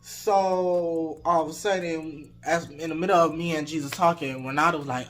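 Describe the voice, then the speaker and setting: Mężczyzna opowiada anegdotę na vlogu, luźno, z dużą ilością slangu i przekleństw, z zapałem. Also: male voice, a little high, moderate pace, soft background music. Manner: animated, laid-back slang and swearing. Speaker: storytime vlogger. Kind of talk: casual storytelling.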